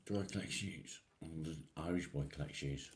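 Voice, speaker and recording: A very deep-voiced man from England hosts a live stream, talking a little fast. He casually works through viewer comments one at a time, calling people "mate".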